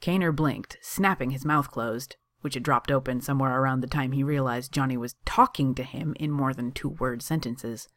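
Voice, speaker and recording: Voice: mid-range voice, normal speed, few pauses, dry recording, studio quality. A reader narrating fan fiction aloud in a casual, wry way.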